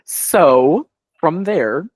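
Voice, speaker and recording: A man's voice: a little high, lively intonation, very slow, no echo. A man co-hosting a podcast, telling a long story in casual chat, full of "like" and quoted dialogue. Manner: rambling, heavy on "like", quoting others. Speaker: podcast co-host.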